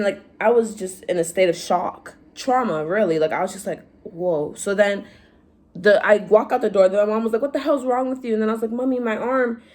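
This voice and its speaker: A young woman vlogger telling stories in casual chat, animated, acting out quotes in a higher voice. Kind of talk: casual storytime vlog.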